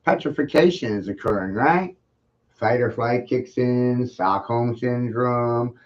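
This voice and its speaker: A man lecturing an unseen livestream audience in a mocking, sing-song way, circling back to the same phrases and firing off rhetorical questions. His voice sits in a middle pitch, and the stream audio is muffled and lo-fi. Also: a little slow. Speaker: livestream host. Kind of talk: taunting livestream monologue.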